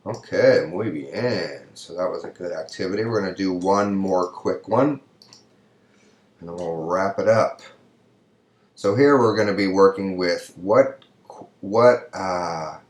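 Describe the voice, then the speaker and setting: A man teaching a recorded Spanish lecture, walking through exercises patiently and often checking with "right?". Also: sits low. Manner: patient, asks "right?" often, pauses for students. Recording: echoey room sound.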